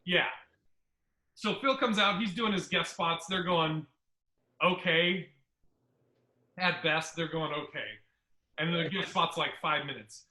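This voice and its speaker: A man with a high voice tells stand-up stories on his podcast, swearing freely. His tone is very bright and cutting. The sound carries a roomy echo. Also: slow pace, pauses often. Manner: profane, animated, acts out other people's lines. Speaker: podcast host and stand-up comedian. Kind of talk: casual storytelling chat.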